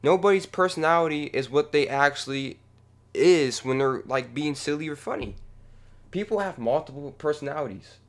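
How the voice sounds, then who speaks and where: A young man running a music channel, talking casually in a rambling, profane way that moves from low mumbling to heated ranting. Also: normal speed. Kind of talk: casual reaction vlog.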